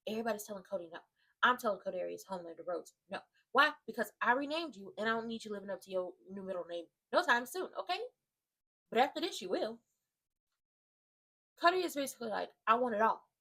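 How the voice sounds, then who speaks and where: Ranting woman with a high voice. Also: fast. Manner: animated, slangy and emphatic, with asides to viewers. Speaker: wrestling commentary vlogger. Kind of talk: casual ranting recap.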